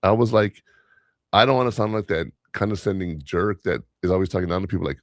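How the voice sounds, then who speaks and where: Talking fast in a low voice, a podcast host rambles through workplace stories in casual chat, full of fillers and restarts. It's a dry, studio-quality recording.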